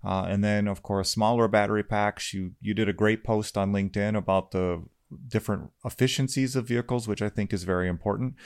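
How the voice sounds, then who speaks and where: A man's voice: lowish voice, fairly even intonation, a little fast, darkish tone, clean tone. A man co-hosting a casual podcast with his wife, talking in an easygoing, rambling way with lots of fillers. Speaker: podcast co-host. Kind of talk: casual chat.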